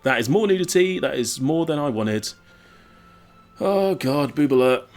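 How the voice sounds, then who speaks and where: Chatty English gamer, rambling and self-mocking. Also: male voice, a little high, expressive, unhurried, a little mellow, faint music behind. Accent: southern English. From English Midlands. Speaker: gaming YouTuber. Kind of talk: casual let's-play commentary.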